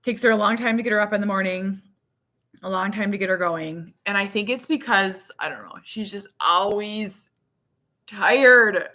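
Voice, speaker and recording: A woman in her thirties chats straight to camera about family life in a frank, unfiltered way. Her voice is bright and clear, and she often pokes fun at herself, with plenty of fillers along the way. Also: mid-range voice, normal speed. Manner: frank, chatty and self-mocking, with laughs and fillers. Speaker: mother and vlogger. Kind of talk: casual candid chat to camera.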